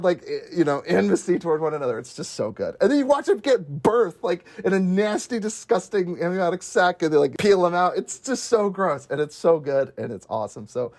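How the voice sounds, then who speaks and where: Excited guy gushing about a film, higher voice. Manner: enthusiastic, gushing, heavy use of "like". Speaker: podcast panelist. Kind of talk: casual movie discussion.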